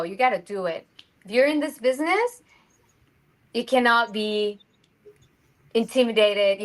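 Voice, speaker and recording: In a low-quality recording, a mid-range female voice belongs to an actress from Mexico. She's a guest in a casual interview chat, animated and acting out the voices of those she quotes.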